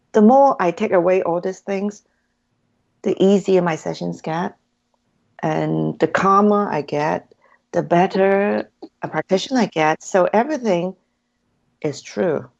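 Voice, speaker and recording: A woman's voice: mid-range voice, vocal fry, darkish tone. A woman guest in an interview, earnestly telling her story and acting out her own inner dialogue in a dull, lo-fi recording. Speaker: hypnotherapy practitioner, guest.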